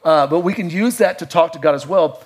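A middle-aged man with a voice pitched a little above most men preaches in a loose, conversational way. He mixes playful asides with hushed, reflective stretches. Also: fairly quick, breathy edge. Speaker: pastor. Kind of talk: sermon.

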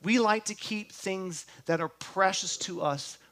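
A male pastor with a high voice delivers a sermon, speaking slowly and deliberately. He addresses his congregation directly with questions. He falls quiet and gentle on tender lines, then rises again on words of hope. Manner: earnest, drops to a hush on tender lines and rises on points of hope; talks straight to the congregation with questions.

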